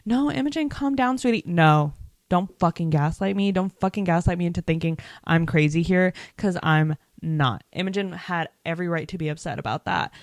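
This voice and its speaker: A woman's voice: on the low side, no echo. Chatty young woman, dry close sound. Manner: chatty and emphatic, heavy use of "like" and swearing. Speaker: vlogger reviewing a TV series. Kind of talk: casual reaction chat.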